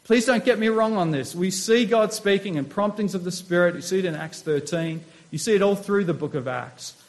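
High-voiced man preaching a sermon. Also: a little fast. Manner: asks the congregation rhetorical questions. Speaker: pastor.

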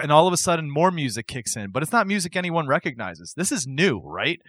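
A man's voice: medium pitch, expressive, quick pace, hardly any pauses, a bit bright, no echo. A man hosting a casual podcast chat who tells a story with energy, acts out the quotes and laughs often. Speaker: podcast host. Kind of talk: excited wrestling storytelling chat.

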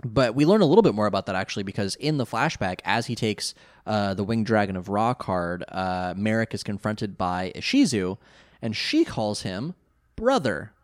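A man's voice: on the low side, big pitch swings, normal speed, dry recording, studio quality. A man co-hosting a podcast, recapping an anime episode in casual, rambling chat full of fillers and laughs. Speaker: podcast co-host.

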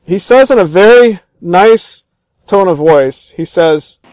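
A man's voice: sits high, expressive, takes it slowly, darkish tone, no echo. A man chatting casually about a film he loves, eagerly retelling scenes, with many restarts. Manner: enthusiastic retelling, acts out quoted lines; frequent restarts and fillers.

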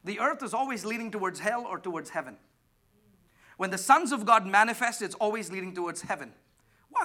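A man preaching a sermon, emphatic, swinging between loud declarations and hushed asides while questioning the congregation. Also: high-pitched, brisk. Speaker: pastor.

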